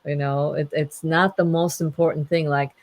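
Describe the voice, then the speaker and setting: A woman's voice: low-pitched, flat delivery, moderate pace, dry recording, rough recording. A woman in casual conversation who teases in a playful way and laughs often. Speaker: podcast host.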